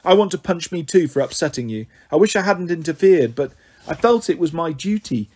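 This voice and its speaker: Soft sorry schoolteacher guy, read by a man, gentle and fretful, husky voice. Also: fairly high pitch, lively intonation, fairly quick. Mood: apologetic. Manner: gentle, anxious, apologetic. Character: kind, apologetic male schoolteacher.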